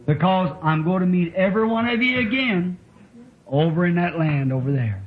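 Man preaching, fervent and drawn-out, slightly high voice, echoey church, dull muffled old recording. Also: lively intonation. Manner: fervent, drawn-out pleading delivery. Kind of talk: healing service sermon. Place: church hall.

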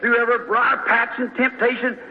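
A man's voice: extremely high pitch, little pitch movement, a little fast. A man, preaching in a folksy storytelling way with fervent bursts. The sound is dull, and his voice rings in a large hall. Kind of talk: sermon.

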